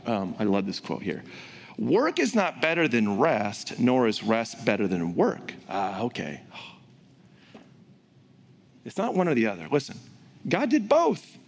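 Animated preacher man in a reverberant church. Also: medium pitch. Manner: animated, swings between loud emphasis and hushed whispers. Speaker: pastor. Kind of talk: sermon. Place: church sanctuary. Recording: hall reverb.

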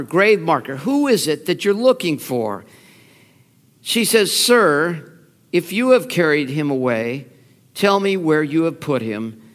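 A man preaching a sermon, telling the story with feeling and acting out the quoted lines. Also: sits high. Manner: animated storytelling, acts out quotes, laughs. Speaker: pastor. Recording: long reverb of a large hall.

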